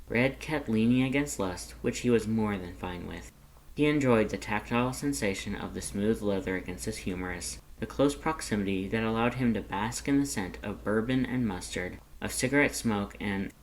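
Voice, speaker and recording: Man, low voice, story read aloud, gentle, unhurried, faint background hiss. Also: rough recording. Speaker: fanfiction reader.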